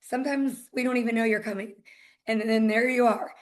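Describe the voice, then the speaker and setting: A talkative woman with a Southern US accent, her voice sitting a little higher than most. She speaks as a guest on a casual podcast and tells her stories by acting out the quoted back-and-forth of her phone calls. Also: steady tone, brisk. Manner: chatty storyteller, acts out quoted exchanges. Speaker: title company executive, podcast guest.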